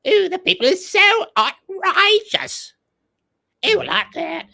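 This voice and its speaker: A man's voice: very high-pitched, expressive, slow pace, gravelly, sharp tone, voice pushed up, heavily acted. A man putting on a cheeky, mocking voice for a Cockney man, with a put-on Cockney accent.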